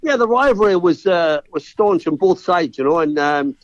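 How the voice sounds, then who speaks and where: A man in casual chat with a fairly high voice. He tells old stories in a relaxed way. His voice comes over a dry, dull call line. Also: moderate pace, no room sound. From Scotland. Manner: relaxed storyteller, laughs between lines. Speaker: guest, former footballer.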